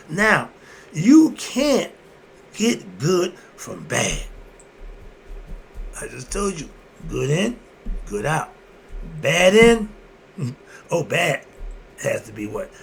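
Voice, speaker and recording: A man with a gravelly, fairly high voice speaks in an informal, preachy way. He poses questions and answers them himself, chuckling between points. A faint hiss sits under the recording. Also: fairly bright tone. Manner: repeats "moving on" between points. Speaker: host. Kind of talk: casual philosophical monologue.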